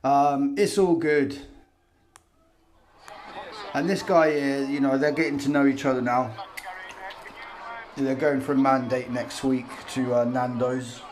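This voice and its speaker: A man's voice: medium pitch, flat delivery, a little slow, pauses often, a little mellow. A man giving sarcastic, mocking commentary over video footage.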